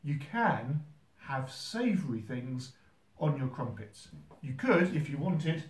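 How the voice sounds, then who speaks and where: A man hosting a how-to video from a holiday home kitchen, talking in a dry, mock-serious, gently teasing way. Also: mid-range voice, big pitch swings, slow pace, echoey room, far from the mic. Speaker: host. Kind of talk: deadpan comic how-to video.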